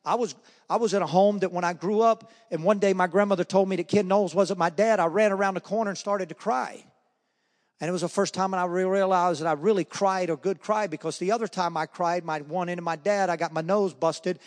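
A man with a slightly high voice tells his faith testimony in a lively storytelling manner, acting out the voices of the people in his stories. His voice rings out with a long hall reverb, as though he is speaking in a large meeting room. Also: a little fast.

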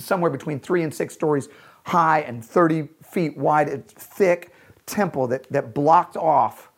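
A man preaching a sermon as a pastor, earnest, often slowing down and dropping to a soft, quiet voice on key lines. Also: a little high.

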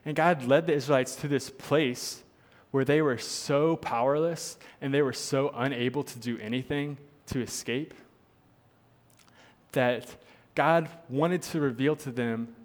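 Male pastor, mid-pitched, earnest and emphatic, sermon in a reverberant church hall. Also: a little slow. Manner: earnest, repeats points for emphasis.

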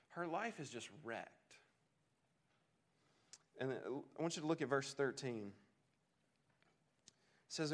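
A man preaching a sermon in an earnest way, often repeating words as he restarts a thought. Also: a little high. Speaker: pastor.

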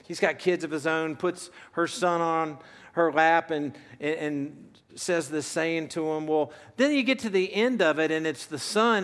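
A man's voice: a little high, fairly bright tone, long reverb tail. A man in his fifties preaching a sermon as pastor, earnest and conversational as he tells stories and drives points home. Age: 50s. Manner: earnest, conversational storytelling with shifting emphasis.

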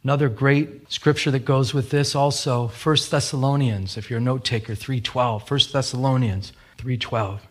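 Husky-voiced pastor preaching a sermon. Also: male voice, medium pitch, normal speed, few pauses. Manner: animated storytelling with acted-out quotes. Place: church. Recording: radio broadcast of a sermon.

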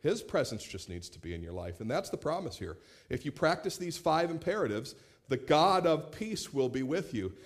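A man in his late thirties preaching a sermon as pastor, animated, acting out quoted voices and repeating words as he starts phrases. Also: a little high, moderate pace. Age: 30s.

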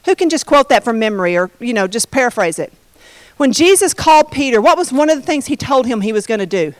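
A woman with a slightly high, expressive voice talks fast while leading an informal Bible study. She's chatty and jokey, throwing in asides and often breaking off mid-sentence; the recording is low-quality with no room sound.

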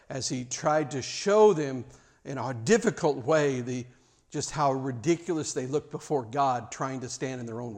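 A man preaching a sermon; he is animated, often stammers and restarts, and acts out the scenes he tells. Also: mid-range voice. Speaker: pastor.

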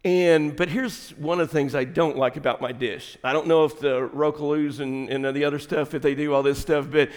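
A pastor with a high voice delivers his sermon in a church, wandering through chatty asides before pressing his point hard. The sound carries a long hall reverb that trails after each phrase. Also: steady tone, moderate pace, hardly any pauses. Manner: storytelling, rambling asides, rising to shouted preaching. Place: church sanctuary.

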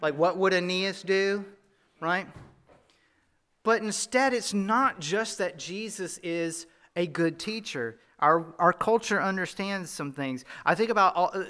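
A man's voice: high voice, animated, unhurried, bright, forceful tone. A male pastor with a Southern US accent preaching a sermon in a conversational way, asking his listeners questions as he goes.

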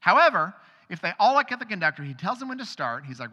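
A man's voice: high voice, big pitch swings, quick pace, bright, forceful tone, husky, in a large hall. A male pastor giving a sermon in a conversational way, acting out the voices of people in the stories he tells. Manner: conversational, acts out quoted voices.

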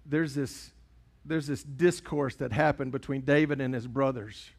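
A man's voice: medium pitch, steady tone, measured pace, creaky. A middle-aged man, a pastor preaching a sermon in a chatty storytelling way. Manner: storytelling, conversational preaching with acted dialogue.

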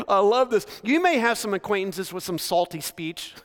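A male pastor preaching a sermon in a relaxed, storytelling way, slowing down to stress key phrases. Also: sits high. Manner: conversational storytelling preaching with frequent slowdowns for emphasis. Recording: long reverb of a large hall.

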